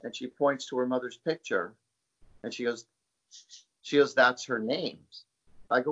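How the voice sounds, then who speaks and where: Man, psychic guest, casual storytelling, rambling, repeats himself, middle pitch, muffled lo-fi sound. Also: fairly even intonation, unhurried, pauses often, breathy edge. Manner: rambling, repeats words, many fillers.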